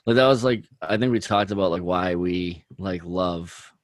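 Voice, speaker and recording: Very deep-voiced man rambling casually. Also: moderate pace, no echo. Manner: rambling, heavy use of "like" and "dude". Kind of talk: casual chat about music.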